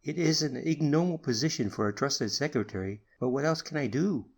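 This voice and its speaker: For an audiobook, a man voices an anxious young secretary, sounding earnest, apologetic, and nervous at a higher pitch. His delivery is husky, a little fast, and lively in intonation.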